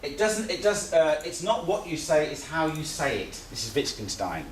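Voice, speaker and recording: A man's voice: fairly high pitch, very animated, moderate pace. A man teaching a live seminar in a conversational, repetitive way, often restating his points. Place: seminar room. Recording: echoey room, distant mic, faint hiss.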